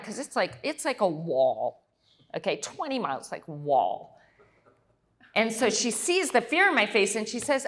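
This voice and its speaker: A woman's voice: mid-range voice, unhurried, crowd noise. A middle-aged woman telling a story at a Q&A, acting out the voices of the people she quotes. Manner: animated, acts out quoted voices. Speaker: guest speaker.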